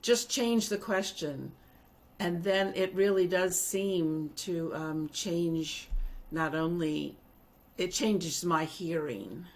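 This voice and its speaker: Slow, low-voiced woman with a New Orleans accent. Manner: earnest storytelling, clears throat. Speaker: congregant sharing a memory. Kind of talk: personal anecdote.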